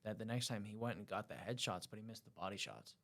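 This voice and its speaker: A young man, a cadet, talking as a guest on a podcast and telling his stories with quick energy. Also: on the low side. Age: young adult. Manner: quick, animated storytelling. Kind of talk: casual podcast storytelling.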